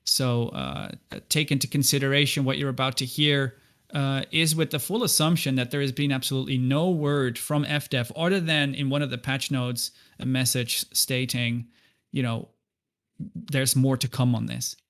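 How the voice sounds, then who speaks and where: A man's voice: mid-range voice, steady tone, moderate pace, a bit bright. A man talking as a guest on a podcast. He speaks earnestly in a casual conversational way and often stumbles and repeats words as he restarts.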